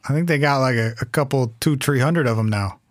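A man's voice: mid-range voice, fairly quick, no room sound, studio quality. A man hosting a podcast in casual comedic chat, teasing his co-host with a wry, profane humor. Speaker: podcast host presenting cryptids.

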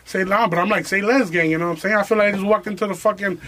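A young man with a fairly high voice hosts a podcast. He tells a story in casual, profane slang and breaks into laughs. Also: steady tone, rapid-fire, background noise. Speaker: podcast host.

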